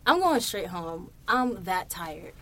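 A woman's voice: on the low side, slow pace, crowd noise. Chatty swearing woman podcast host. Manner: chatty, swears freely, animated storytelling. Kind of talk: casual monologue. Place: recording studio.

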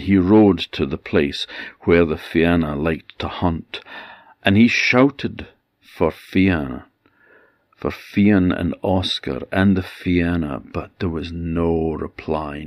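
Slow, gravelly Orkney Scottish storyteller. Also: male voice, low voice, dry recording. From Orkney Islands, Scotland. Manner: gentle, repetitive storytelling cadence. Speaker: traditional storyteller. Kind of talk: oral folktale storytelling.

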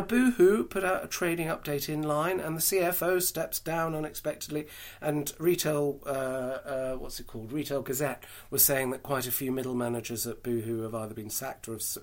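A man's voice: medium pitch, moderate pace. A British man hosting a solo podcast, giving chatty, frank market commentary full of dry asides and fillers. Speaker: podcast host.

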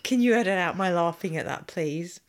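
A woman's voice: lowish voice, expressive, brisk. A woman co-hosting a podcast, chatting casually and making playful, teasing remarks. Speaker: podcast co-host. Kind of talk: casual chat.

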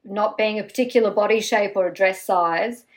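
A woman guest on a podcast, telling stories in an animated, self-mocking way. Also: mid-range voice, normal speed. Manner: lively, self-mocking storyteller.

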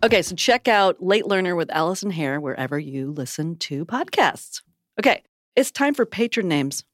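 Woman co-host, casual podcast chat, teasing and laughing, very lively pitch, dry sound. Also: normal speed, no room sound, soft background music.

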